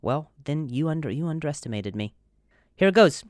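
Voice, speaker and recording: A man's voice: on the high side, animated, brisk, no echo, studio quality. A man hosting a comedy podcast with a strong stutter, repeating words and blocking on sounds, self-deprecating and rambling. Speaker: podcast host.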